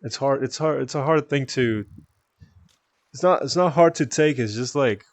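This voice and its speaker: Calm, easygoing man streaming. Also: mid-range voice, moderate pace, no room sound. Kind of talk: casual chat with viewers.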